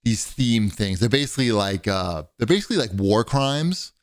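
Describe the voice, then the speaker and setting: A man's voice: lowish voice, moderate pace, dry recording, clean studio sound. A man co-hosting a podcast in casual chat, telling long rambling stories and raising his voice when he quotes other people. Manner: rambling storyteller, animated when quoting others. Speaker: podcast co-host.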